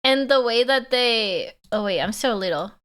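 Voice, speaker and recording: A woman's voice: fairly high pitch, lively intonation, moderate pace, a bit bright, clear, resonant tone. A woman streamer with a Canadian accent, chatting playfully with her viewers and laughing often. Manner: playful, giggly, talks back to chat. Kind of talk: casual live-stream chat with viewers.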